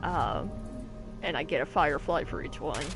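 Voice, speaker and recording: A woman's voice: sits low, expressive, normal speed, over music. A woman hosting a let's-play video, chatting casually, giggling often and trailing off mid-thought. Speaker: gaming video host.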